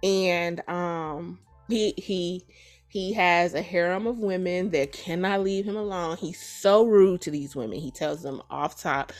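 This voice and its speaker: A woman hosting a podcast who retells a story in a casual, animated and profane way. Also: on the low side, measured pace, faint music behind. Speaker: podcast host. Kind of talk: casual chat.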